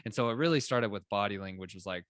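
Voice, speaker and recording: A young adult man co-hosting a podcast, explaining ideas in an animated, casual way with plenty of filler words. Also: on the low side, fast talker, no room sound, clean studio sound. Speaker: podcast co-host. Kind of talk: casual conversational chat.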